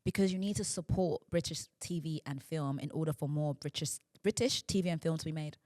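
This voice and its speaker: A woman's voice: low voice, a little fast, mellow, dry recording, studio quality. A woman co-hosting a podcast in casual chat, arguing her point earnestly and firmly. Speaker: podcast co-host.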